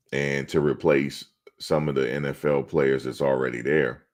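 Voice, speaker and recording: A middle-aged man with an extremely deep, low voice hosts a sports live stream. He talks casually and bluntly, answering his chat in a streetwise way. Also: level tone, moderate pace, few pauses. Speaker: sports channel host.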